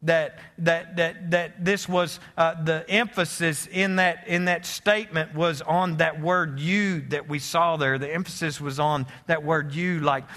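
A man preaching with a high, bright voice and earnest conviction. He often stumbles and restarts mid-phrase. For the gravest points he drops lower and quieter. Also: steady tone, unhurried, hardly any pauses. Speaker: pastor. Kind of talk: sermon.

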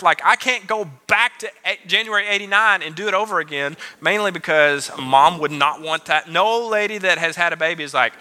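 A man's voice: sits high, expressive, a little fast, few pauses, pushed and bright. A man in his late twenties preaching a youth sermon in a joking, conversational way with playful asides. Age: late 20s. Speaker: youth pastor.

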